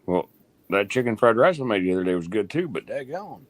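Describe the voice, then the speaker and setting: A man's voice: lowish voice, very animated, fairly quick. A man, hosting a homestead livestream and teasing people in casual chat. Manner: joking, ribbing others.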